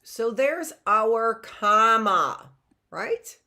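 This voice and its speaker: Lively, slow-talking woman teacher. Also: a little high. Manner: chatty, asks "right?" often, laughs at herself. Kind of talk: classroom grammar lesson.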